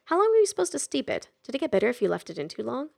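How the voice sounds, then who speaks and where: A woman voicing an anxious, overworked young woman marketer who sounds flat and uneasy. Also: fairly high pitch, rapid-fire, vocal fry, breathy edge, voice pushed up, heavily acted.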